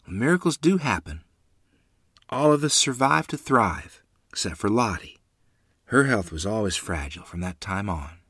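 A man tells a first-person memoir in a measured, earnest way. His voice is low, husky and forceful, recorded close and dry. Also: big pitch swings, dry recording. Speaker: storyteller.

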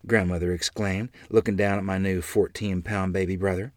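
Male storyteller, expressive, dry close sound. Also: sits low, normal speed, no echo. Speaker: narrator. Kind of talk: storytelling memoir narration.

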